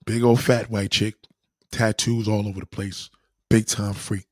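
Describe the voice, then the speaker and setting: A man casually telling a profane story to his followers, animated and slangy, often asking "you know what I mean". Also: lowish voice, unhurried, no echo, studio quality.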